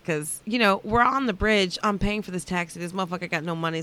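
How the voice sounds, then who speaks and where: A woman's voice: lowish voice, a bit bright. A woman comedian telling brash, profane stories in casual chat. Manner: brash, profane, fast-talking storyteller. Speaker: comedian guest.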